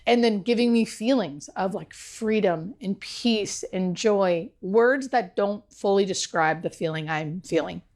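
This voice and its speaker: A woman's voice: mid-range voice, measured pace, hardly any pauses, darkish tone. A woman being interviewed, telling an emotional personal story in an earnest, heartfelt way, with many "like" fillers. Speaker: guest.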